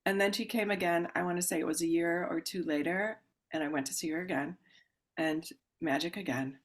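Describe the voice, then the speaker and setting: Woman podcast guest, slightly low voice, animated storyteller who acts out dialogue. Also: brisk. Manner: animated, acts out quoted voices with sudden loud exclamations; calm explaining voice when describing the ritual. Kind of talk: casual storytelling interview.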